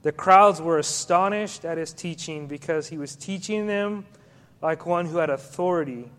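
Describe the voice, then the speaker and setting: High-voiced man preaching in a reverberant hall. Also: moderate pace, fairly bright tone. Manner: conversational preaching, asks the congregation questions. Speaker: pastor. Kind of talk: sermon.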